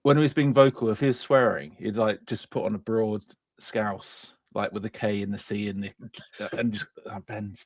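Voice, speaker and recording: A man's voice: fairly low pitch, steady tone, moderate pace, a little mellow, no echo. A man in his forties from Gloucester, telling a rambling, self-deprecating story in casual podcast chat. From Gloucester, England. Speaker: podcast panelist.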